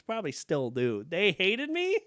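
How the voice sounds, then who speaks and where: A young man with a high-pitched voice co-hosts a podcast, speaking at a moderate pace. He's an animated storyteller, casual and profane, laughing as he chats and tells stories.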